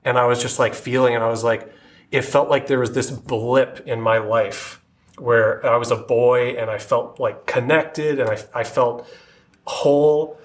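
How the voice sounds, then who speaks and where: A man telling his personal faith testimony in an earnest, halting way, often restarting his sentences. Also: medium pitch, steady tone. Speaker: guest sharing his testimony.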